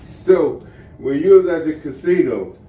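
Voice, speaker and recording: A man's voice: a little high, animated, a little slow, warm tone, distant mic, highs cut off. A man co-hosting a casual podcast, talking bluntly and arguing, with plenty of swearing. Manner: blunt, argumentative, swears freely. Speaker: podcast co-host. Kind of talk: casual chat. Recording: roomy echo, off-mic, faint hiss.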